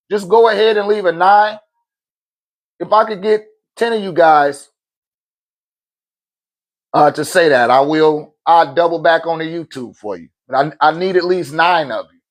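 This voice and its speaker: A man hosting a phone livestream, preaching in a casual, slangy way and laughing often between points. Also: high-pitched. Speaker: livestream host.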